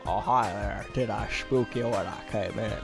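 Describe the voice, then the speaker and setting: A man playing in a tabletop game podcast, talking in a goofy, playful way with a gravelly voice. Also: on the low side, moderate pace, soft background music. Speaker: player. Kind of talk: casual podcast chat.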